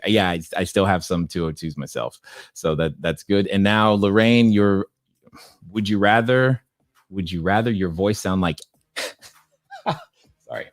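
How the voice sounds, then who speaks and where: Deep-voiced and relaxed, this middle-aged host chats on a casual livestream, reading viewer questions aloud and riffing with easy laughs. The recording is dry and of studio quality.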